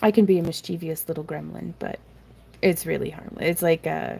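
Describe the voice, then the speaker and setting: A woman's voice: sits low, fairly even intonation, fairly quick, gravelly, a little mellow, husky. A woman hosting a live crafting stream from her craft room, chatting in a rambling, self-deprecating way and reading viewer comments aloud. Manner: rambling and self-deprecating, laughs often, reads chat aloud. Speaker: craft tutorial host.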